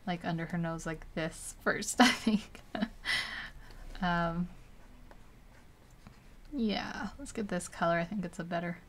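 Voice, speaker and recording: A woman's voice: fairly low pitch, slow, long pauses. A young woman casually narrating as she paints a digital portrait, chatty and rambling, laughing often between thoughts. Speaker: digital art streamer.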